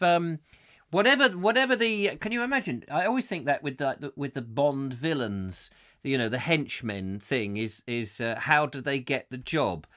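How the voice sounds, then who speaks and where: A man's voice: fairly high pitch, fairly bright tone. A man hosting a comic live chat show, rambling as he reads out viewer comments and drifts into silly voices. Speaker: host.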